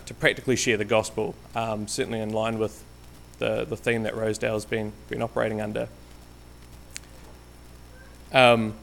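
A medium-pitched man with vocal fry gives an informal church talk as a guest lay preacher. Hailing from Canterbury, New Zealand, he hesitates a lot, with ums and restarts throughout. He speaks into a stage microphone, sometimes walking away from it.

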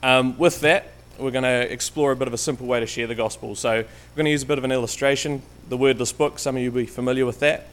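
A man's voice: medium pitch, steady tone, fast talker, hardly any pauses, a bit bright. Chatty New man preaching in church. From Canterbury, New Zealand. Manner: chatty, hesitant, with many ums and restarts. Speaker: guest lay preacher. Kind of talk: informal church talk to a congregation. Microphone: stage microphone, sometimes walking away from it.

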